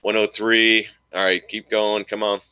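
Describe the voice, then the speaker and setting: A man's voice: on the low side, flat delivery, a little slow, bright, forceful tone, clear, resonant tone, no echo. A man giving casual live commentary on his stock trades, rambling and thinking aloud as he talks to his viewers. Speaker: stock trading streamer.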